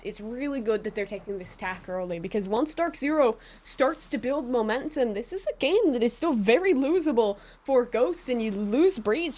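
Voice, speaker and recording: Steady woman breaking down an esports match. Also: fairly high pitch, a little hiss or hum. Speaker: esports color caster. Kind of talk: analytical game commentary.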